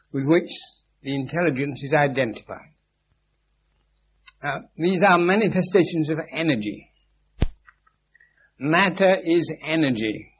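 A man giving an informal philosophical lecture to a live group. He speaks in an emphatic, instructive way, with dry witty asides and repeated key phrases. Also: medium pitch. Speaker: spiritual teacher lecturing a group. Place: meeting room with a live audience. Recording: muffled 1980s lecture tape with faint hum.

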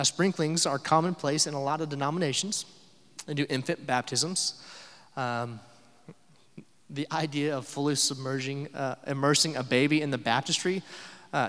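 Pastor preaching in an echoing hall. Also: male voice, on the high side, a bit bright. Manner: conversational, with filler uh's and rhetorical questions. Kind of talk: sermon.

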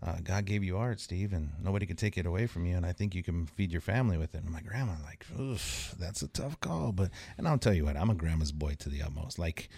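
A man in his forties, a guest on a podcast, telling stories in a rambling, halting way with many fillers and restarts. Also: low-pitched, warm tone, no echo. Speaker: podcast guest, tattoo artist. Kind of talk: casual storytelling chat.

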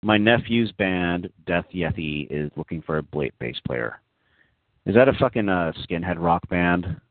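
A man's voice: low-pitched, lively intonation, a little slow, dry recording. A man hosting a casual call-in talk show, mocking and profane, rambling through many fillers, over a dry, tinny phone-line recording.

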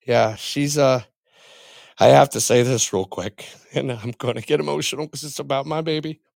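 A middle-aged man, a podcast guest, sharing a personal faith testimony in a halting, heartfelt way with frequent pauses and restarts. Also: mid-range voice, creaky, darkish tone, no echo.

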